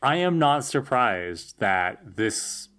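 Podcast co-host, calm, easygoing chat, thoughtful comments. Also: medium pitch, takes it slowly. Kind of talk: casual chat.

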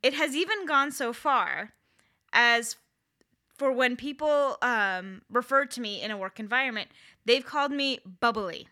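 A woman's voice: fairly high pitch, measured pace, pushed and bright. A woman in her thirties co-hosting a podcast, talking in a candid, wry and self-deprecating way. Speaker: podcast co-host. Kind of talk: casual chat.

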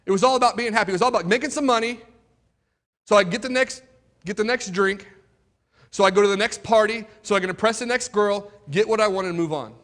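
A young man giving his testimony as a sermon to a crowd, telling his story with drama and dropping from loud to hushed. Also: high-pitched, fast talker. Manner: talks straight to the crowd with questions. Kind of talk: testimony sermon to a live audience.

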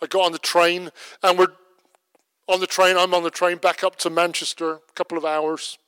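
A man preaching a sermon, telling a story in a lively way and slowing to a soft voice when he prays. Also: sits high, clean tone, dry recording. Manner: lively storyteller who drops to a soft, slow voice for prayer.

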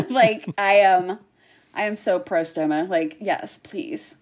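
A woman's voice: medium pitch, slow pace. A woman in her thirties talking casually about something that happened to her. She tells it with animation, jumping into quoted lines as she goes. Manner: animated storyteller, acts out quotes. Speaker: guest sharing her story. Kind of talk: casual chat.

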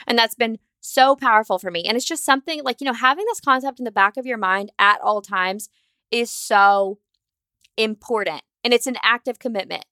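A fired-up woman talks straight into the mic on her solo podcast, quick and candid, swearing now and then. Her voice sits a bit high, and the sound is dry and close. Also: pushed and bright, no echo. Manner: acts out her own anxious inner voice. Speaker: podcast host.

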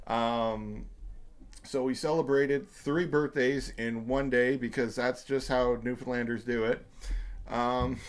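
A man in his thirties hosts his podcast in loose, casual chat. His voice sits at an ordinary middle pitch, and he rambles through his points with plenty of filler words and the occasional swear. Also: smooth. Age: 30s. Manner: rambling, profane, many fillers. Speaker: podcast host.

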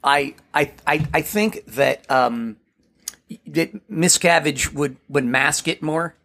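A man's voice: a little high, gravelly, sharp tone. A man co-hosting a podcast, cracking jokes and laughing in casual chat. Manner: wisecracking, quick to laugh. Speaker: podcast co-host.

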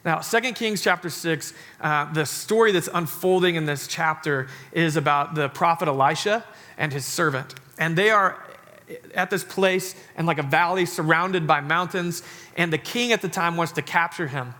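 A man in his thirties preaches to his congregation in a church, loose and joking and full of "like" fillers. His voice sits a little high and rings bright and forceful. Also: moderate pace. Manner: chatty, joking sermon delivery with many "like" fillers. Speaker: pastor. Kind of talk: sermon. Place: church sanctuary.

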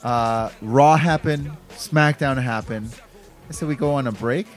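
A man co-hosting a wrestling podcast in casual chat, joking and quick to laugh. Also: mid-range voice, faint music behind. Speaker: podcast co-host.

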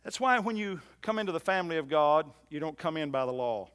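A man preaching a sermon in a church, swinging from loud emphatic lines to soft low ones and repeating phrases for emphasis. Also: expressive, a little fast, clear, resonant tone. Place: church hall.

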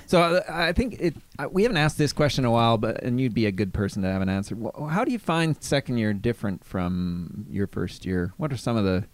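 A man's voice: medium pitch, lively intonation, fairly quick, few pauses, no echo. A man hosting a podcast as a law professor, chatting casually with stammering restarts. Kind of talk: casual chat.

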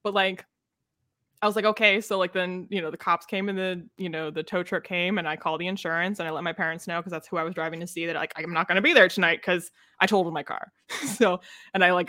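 A young woman with a bright, clear voice chats about a book series, laughing often and leaning on fillers. She sits close to the mic in a dry, dead room with no echo. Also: lowish voice, steady tone, fast. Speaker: podcast co-host. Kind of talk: casual book discussion chat.

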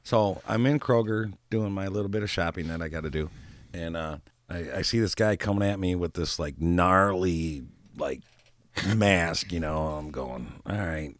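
A man's voice: deep voice, moderate pace, dry recording. A man co-hosting a casual chat show who rambles through stories, laughs often and trips over his words. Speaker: co-host. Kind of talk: casual radio-style chat.

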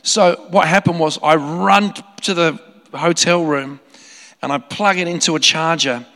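A male preacher tells a story from the pulpit, his voice slightly high and gravelly with fry. He restarts his sentences often and breaks into laughing asides. The sound rings with the long reverb of a large hall. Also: unhurried, bright, forceful tone. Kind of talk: sermon storytelling.

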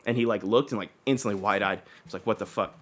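Young man, casual storytelling, rapid talker, rambling, lots of fillers, swearing. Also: fairly low pitch, a bit bright. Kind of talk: casual chat.

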